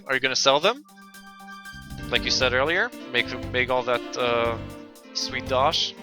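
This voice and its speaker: A man's voice: medium pitch, poor audio. A man streaming a video game, chatting casually with viewers between dialogue. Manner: relaxed, chatty, talking to chat. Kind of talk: let's play commentary. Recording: game music playing underneath.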